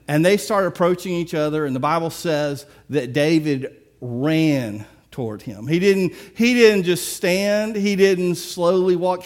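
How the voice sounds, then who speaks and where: A man preaching a sermon, retelling a story with lively, acted-out dialogue. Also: a little high. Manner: animated storytelling, acts out characters. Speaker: pastor.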